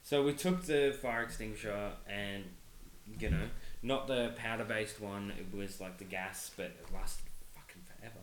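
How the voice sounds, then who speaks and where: A man's voice: on the low side, fairly even intonation, normal speed, roomy sound, slight background noise, poor audio. A young man casually telling crude stories on a podcast, swearing often and laughing as he talks. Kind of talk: casual chat, storytelling.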